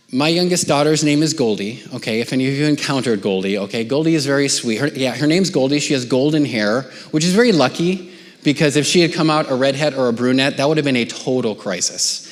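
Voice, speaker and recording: A middle-aged man preaches a conversational sermon at a medium pitch, talking to his church as if chatting with friends. He often drops his voice to a soft near-whisper. His words ring out with a long reverb that fills the hall. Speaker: pastor. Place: church auditorium.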